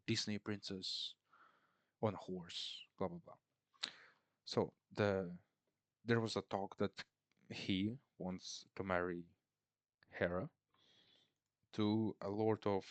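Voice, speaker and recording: A man talks through a film plot at an unhurried, slow pace, his voice sitting a little low. He rambles and mocks the characters with sarcastic asides. The sound is close and dry, with no room around it. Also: no echo. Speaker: film reviewer. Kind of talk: casual film recap.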